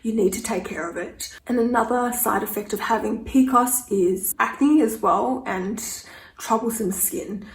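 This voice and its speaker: A woman's voice: fairly high pitch, a little slow, roomy sound, poor audio. Chatty young woman vlogging. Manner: chatty, frank, peppered with "like". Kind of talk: casual personal storytelling to camera.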